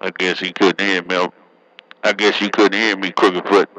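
A man's voice: low voice, flat delivery, moderate pace, bright, forceful tone, dull audio. A man bantering over CB radio, teasing and joking, tagging his lines with "man". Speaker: CB radio operator. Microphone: CB radio handset.

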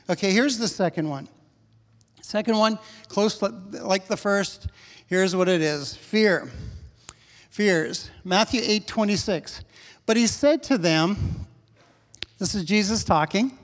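A man's voice: high voice, a little slow, fairly bright tone, long reverb tail. A middle-aged male pastor preaching a sermon in a church, talking conversationally and acting out prayers with rising intensity. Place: church sanctuary.

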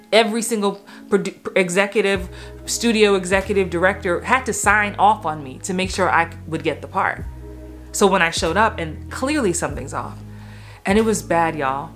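A woman in her thirties, an actor and acting coach, telling a personal story in a candid, emotional way with quick asides and restarts. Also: lowish voice, fairly bright tone.

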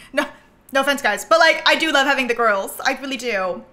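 A young woman live-streaming a life-sim game, excitable and laughing often, swinging between squeals and low mutters. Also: normal speed, a little hiss or hum.

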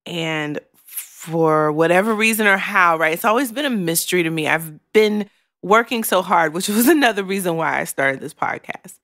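A woman's voice: on the low side, expressive, moderate pace, fairly bright tone, no room sound, studio quality. Emotional, frank woman podcaster. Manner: emotional, frank, swears freely. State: choking back tears. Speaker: podcast host. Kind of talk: candid podcast monologue.

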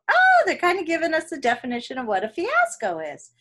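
A woman from an elementary school reading a picture book aloud to children, with playful, expressive asides and chatty comments. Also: high voice, brisk, creaky. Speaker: elementary school staff member.

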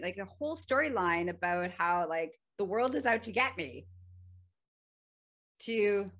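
A woman's voice: mid-range voice, lively intonation, measured pace, long pauses, a bit bright. A woman hosting a podcast, telling an everyday story in a casual, chatty way with frequent laughter and fillers. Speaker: podcast host. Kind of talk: casual solo podcast talk.

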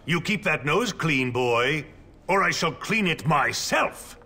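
A man voicing a pompous, threatening older school headmaster who speaks in low, clipped formal sentences. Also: animated, takes it slowly, pushed and bright, slightly rough, exaggerated voice. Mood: stern.

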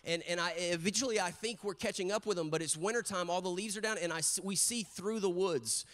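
A male pastor with a high, light voice preaches a story-driven sermon. He is middle-aged and animated, and he acts out quotes in quick bursts before he settles back into plain preaching.

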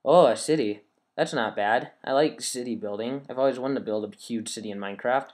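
A man hosts a casual game commentary, chatting with his viewers as he plays. He thinks aloud in a rambling, easygoing way, and his voice sits at a middle pitch. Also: brisk, darkish tone. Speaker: gaming channel host.

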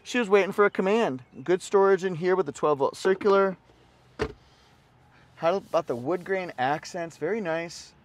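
An upbeat dealership salesman giving a casual car walkaround, his voice sitting notably high for a man. He keeps pointing things out and talking them up in an easygoing, promotional way. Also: normal speed, slight background noise.

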